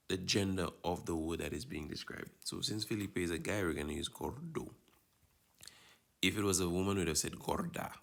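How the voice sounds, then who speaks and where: This is a recorded lesson walkthrough where a man patiently explains Spanish and keeps checking in with his students. His voice sits low, creaky and a touch bright.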